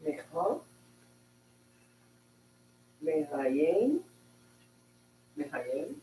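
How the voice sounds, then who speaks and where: Student guy reading hebrew slowly, kinda unsure, dark mellow voice, echoey room w/ hum. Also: on the high side, sing-song. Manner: hesitant, slow, sounding out words. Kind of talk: reading aloud in class.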